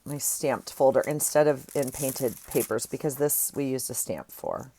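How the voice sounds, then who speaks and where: A woman's voice: very deep voice, moderate pace, creaky, mellow, slight background noise. A woman chatting casually to viewers at her craft desk, rambling and friendly, recorded on an earphone mic. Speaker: craft vlogger. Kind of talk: casual chat while crafting.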